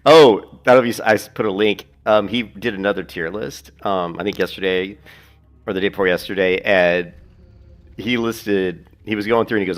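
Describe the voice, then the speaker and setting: A man's voice: on the low side, normal speed. A man chatting casually while playing a game, rambling, laughing often and swearing now and then. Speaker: gaming streamer. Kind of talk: casual gameplay commentary.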